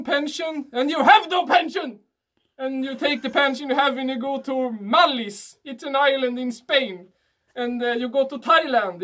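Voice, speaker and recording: A high-pitched speaker with a Swedish accent runs through a deadpan, mock-instructional comedy bit. The English is broken and the delivery stays flat and matter-of-fact. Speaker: podcast host. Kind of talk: comic monologue.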